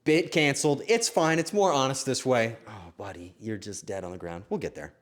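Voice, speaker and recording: A young man hosting a stream, telling a story to his chat in a casual, swearing, animated way. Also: mid-range voice, moderate pace. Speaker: streamer host.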